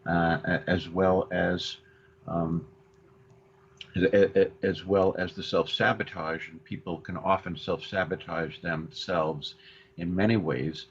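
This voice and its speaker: A male co-host on a counseling radio show, speaking haltingly with many restarts. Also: deep voice, flat delivery. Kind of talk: radio talk show discussion. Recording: dull lo-fi radio audio with faint hiss.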